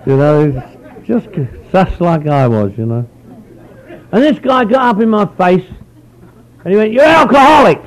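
High-voiced middle-aged man telling his story. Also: sing-song, takes it slowly, pauses often, darkish tone, some chatter behind, rough recording. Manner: rambling, folksy, peppers speech with "you know". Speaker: recovery meeting speaker. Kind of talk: personal storytelling talk.

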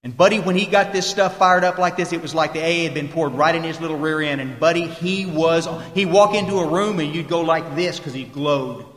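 Folksy male meeting speaker, emphatic, high-pitched, recorded live in a reverberant hall. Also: brisk, few pauses, fairly bright tone. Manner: folksy, emphatic, quotes people in voices. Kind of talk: recovery talk to a meeting. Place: meeting room.

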